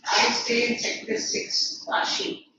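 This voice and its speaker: An older man, a tutor chatting casually with students before an online class begins, telling everyday stories. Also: slow pace. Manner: chatty, anecdotal. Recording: far from the mic, echoey, dull, noisy.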